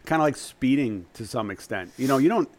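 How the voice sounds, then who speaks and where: A man chatting as a podcast guest, measured and thoughtful, with frequent ums. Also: mid-range voice, animated. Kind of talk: casual podcast chat.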